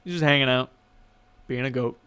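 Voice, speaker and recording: A man's voice: mid-range voice, brisk, bright, forceful tone, smooth. Casual stumbling male game master. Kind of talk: narrating a tabletop game.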